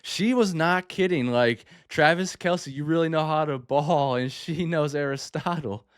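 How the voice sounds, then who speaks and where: Excitable man reacting to music. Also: on the high side, a little slow. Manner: enthusiastic, exclaiming and laughing often. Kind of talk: casual reaction commentary.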